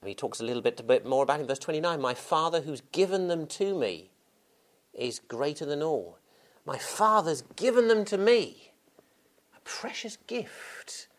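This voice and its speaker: A man preaching a sermon, unhurried and earnest, often restarting and repeating words as he explains scripture. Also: fairly high pitch, big pitch swings.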